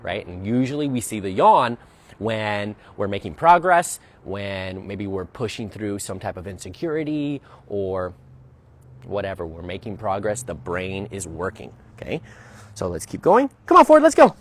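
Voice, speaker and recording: A man's voice: on the low side, animated, unhurried. A man working as a dog trainer, explaining a training session outdoors as he goes and often checking in with "right?". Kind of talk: narrated training demonstration.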